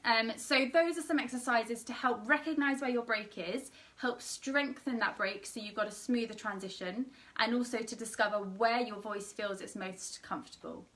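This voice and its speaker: A woman's voice: a little high, normal speed, few pauses, fairly bright tone, far from the mic. A young woman teaching an online singing lesson with a slightly tired voice, explaining and demonstrating sung vowels.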